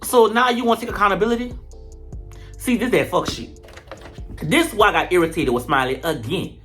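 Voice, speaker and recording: Foul-mouthed reviewer ranting about a reality show episode, lively and dramatic, faint music underneath. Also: medium pitch, brisk. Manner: animated, profane, dramatic retelling. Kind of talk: casual commentary vlog.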